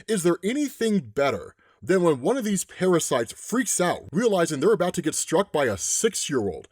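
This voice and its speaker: Man reads a mocking cruel boy horseman, lively and gleeful. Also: high-pitched, moderate pace, slightly rough, dry recording, clean studio sound, full character voice.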